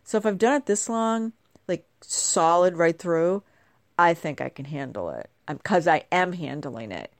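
A woman's voice: fairly low pitch, lively intonation, a little slow, no echo, studio quality. A middle-aged woman chatting casually to camera at home, bubbly and rambling, her voice a little nasal from a congested cold. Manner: bubbly, chatty, wandering asides. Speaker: vlogger.

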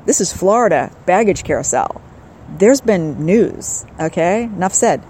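A woman's voice: lowish voice, animated, measured pace, dark tone, slight background noise, low-quality recording. Chatty wry older woman. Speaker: podcast host. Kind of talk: casual travel vlog monologue. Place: outdoors then indoors, on a trip.

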